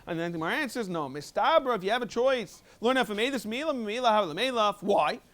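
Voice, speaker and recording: High-voiced man giving a quick Talmud class. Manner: quick, animated explaining with sudden emphatic jumps. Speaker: rabbi teaching a Talmud review class. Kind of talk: Talmud lecture, English mixed with Hebrew and Aramaic terms.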